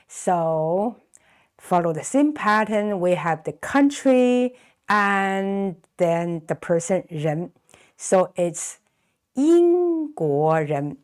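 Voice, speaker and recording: A woman with a Chinese accent, a native Chinese speaker, teaching a beginner's language lesson and patiently repeating words slowly for learners. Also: fairly low pitch, a little mellow. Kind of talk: slow explanatory online lesson.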